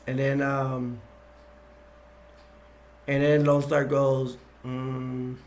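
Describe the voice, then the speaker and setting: A man casually retelling movie scenes as a reviewer, halting and rambling with many restarts and chuckling as he goes. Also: mid-range voice, flat delivery, a little mellow.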